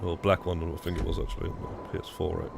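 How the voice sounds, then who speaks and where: A man's voice: low voice, level tone, fast, gravelly, very noisy. A young British man streaming a game, chatting casually and rambling with restarts and swearing. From United Kingdom. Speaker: live streamer. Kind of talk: casual gaming stream chat.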